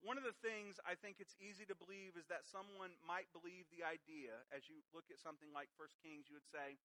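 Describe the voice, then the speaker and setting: A man's voice: sits high, steady tone, brisk, pushed and bright, low-quality recording. A man preaching a sermon who reads scripture aloud and then explains it with emphatic rhetorical questions. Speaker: pastor.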